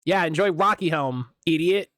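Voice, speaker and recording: A man streaming a game live and reacting excitably, with frequent swearing, as he plays. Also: on the high side, moderate pace, no room sound, clean studio sound.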